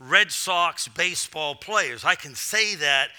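A middle-aged man from Massachusetts preaching a sermon from a church platform, swinging between shouted bursts and quiet storytelling. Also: on the high side, animated, slow, smooth. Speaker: guest preacher.

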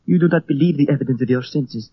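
Frightened Frenchman played by a man, French accent, husky, raised pitch, dull old radio sound. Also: quick pace, lightly acted. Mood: grave. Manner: tense, urgent, fearful. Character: frightened French man who believes in a caveman. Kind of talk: 1940s radio acting.

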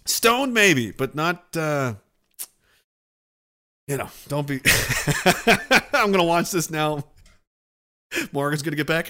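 A man's voice: a little high, lively intonation, slow pace, long pauses, pushed and bright. A man streaming and reading viewer messages, talking in a rambling, profane, self-interrupting way. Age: older.

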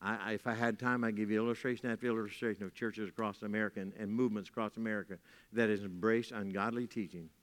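A man with a lowish voice preaches a sermon as a pastor at a quick pace, his intonation fairly even. His style is folksy, with casual asides and key lines repeated for emphasis. Recorded in a church hall, the audio carries long reverb.

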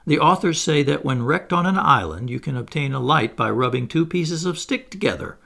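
A man's voice: fairly high pitch, animated, normal speed, creaky, a bit bright, pitched above the performer's own voice, heavily acted. A man reading an elderly aristocrat who complains plaintively about his hardships. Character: elderly male aristocrat, kindly and pompous.

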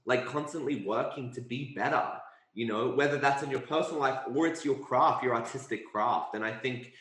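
A man's voice: medium pitch, fairly quick, a bit bright. A man hosting a podcast, earnestly affirming his guest and repeating words as he thinks. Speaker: podcast host. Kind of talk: casual conversation. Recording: roomy echo.

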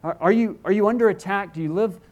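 A man's voice: sits high, fast talker, darkish tone, dull audio. A middle-aged man preaching a sermon as pastor, earnest and pleading, asking rhetorical questions and often restarting his words.

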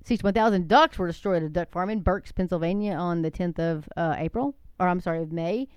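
A woman with a smooth, clear voice, talking in a chatty, digressive way. She keeps calling her listeners "folks" between items on a long list. The sound is dry and close, with no room echo. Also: on the low side, a little fast, a little mellow. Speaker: commentator reading a list of incidents. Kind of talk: casual monologue.

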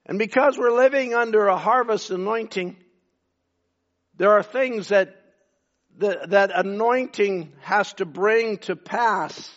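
A man, from Canada, preaching a sermon, building emphasis and dropping into quieter asides. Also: high-pitched, dull audio. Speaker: pastor.

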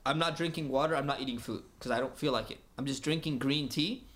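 Animated storytelling man. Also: medium pitch, fast. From United States. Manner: animated, laughs often, acts out dialogue. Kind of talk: casual storytelling.

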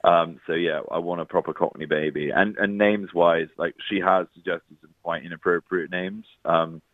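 Deep-voiced man on a tinny phone line. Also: fairly even intonation, no room sound. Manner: self-deprecating anecdotes, quick asides. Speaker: comedian guest. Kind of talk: casual chat. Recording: thin phone-like line, dry.

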